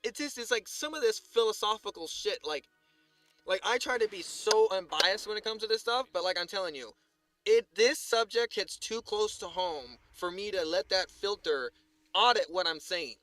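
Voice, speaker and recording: A man talking casually on a live stream, rambling with lots of filler words and swearing, sometimes quiet and sometimes heated. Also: high voice, lively intonation, normal speed, dry recording, faint music behind. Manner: swings from subdued to heated ranting.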